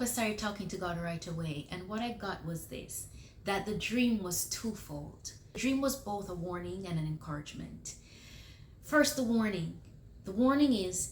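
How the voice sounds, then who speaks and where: A woman telling a personal dream story on her faith vlog in a casual, animated way, then turning earnest and gentle as she shares encouragement. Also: mid-range voice, a little hiss or hum. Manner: animated, acts out her own panic and excitement; earnest and soft when giving encouragement. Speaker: faith vlogger sharing dreams.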